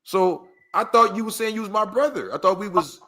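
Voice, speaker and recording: A man's voice: sits high, fairly quick, sharp tone. A man from Los Angeles telling a story in casual conversation, acting out the voices of the people in it, full of slang and asides. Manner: acts out quoted voices, slang-heavy, rhetorical asides. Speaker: guest storyteller. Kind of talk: animated storytelling in casual chat.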